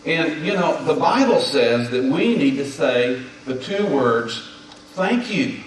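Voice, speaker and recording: A man's voice: mid-range voice, animated, a little slow, a little hiss or hum. Folksy man preaching in an echoey hall. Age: 50s. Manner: folksy, emphatic, leads the audience in call-and-response. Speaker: speaker at a men's gathering. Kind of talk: sermon on marriage. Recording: echoey hall, distant mic.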